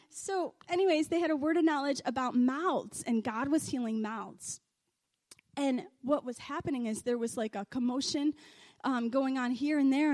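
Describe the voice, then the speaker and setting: A woman preaching a sermon in a church, telling a testimony story with excited, animated energy. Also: high-pitched, no room sound. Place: church stage under lights.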